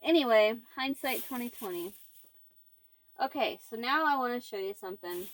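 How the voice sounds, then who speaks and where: A woman's voice: on the high side, lively intonation, moderate pace. A woman chatting casually to camera as a crochet vlogger, rambling and laughing easily. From United States. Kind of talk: casual chat.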